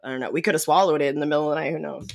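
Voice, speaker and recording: A man co-hosting a podcast, telling an animated anecdote in casual chat and swearing as he builds it. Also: a little high, vocal fry. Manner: animated, profane anecdote-telling with dramatic pauses. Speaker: podcast co-host. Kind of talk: casual storytelling.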